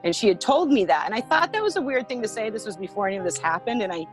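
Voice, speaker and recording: A woman's voice: mid-range voice, big pitch swings, rapid-fire, low-quality recording. A woman being interviewed, recounting a personal ordeal in an earnest way, with frequent fillers. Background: music.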